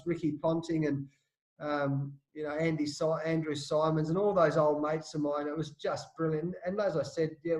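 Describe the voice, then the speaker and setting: A middle-aged Australian man, a former cricketer, telling animated stories with restarts in a casual interview. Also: fairly high pitch, roomy sound, rough recording. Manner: animated anecdotes with frequent restarts and laughs.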